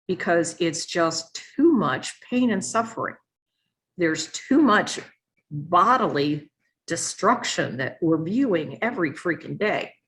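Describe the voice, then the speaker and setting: An older woman, a retired army nurse general, telling candid stories in a virtual talk over a video call, acting out the exchanges she quotes. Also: fairly low pitch. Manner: lively, frank storyteller acting out quoted exchanges.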